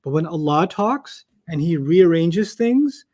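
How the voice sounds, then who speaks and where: A man teaching an Arabic lesson to a class, explaining word order with lively made-up examples and questions to the students. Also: on the high side, takes it slowly. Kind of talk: classroom lecture.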